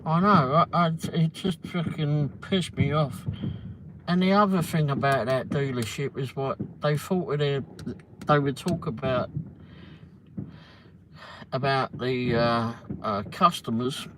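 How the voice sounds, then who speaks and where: A man tells a story at an ordinary, middling pitch, rambling along and swearing freely as he goes. He stops and restarts his sentences often. Steady background noise sits under his voice throughout. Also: unhurried. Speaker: livestream host. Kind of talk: casual storytelling. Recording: noisy ambience behind voice.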